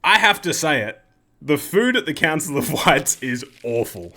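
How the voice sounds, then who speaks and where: A man's voice: on the high side, big pitch swings, moderate pace, pushed and bright, exaggerated voice. A man voicing a complaining Scottish council member. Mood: grumbling.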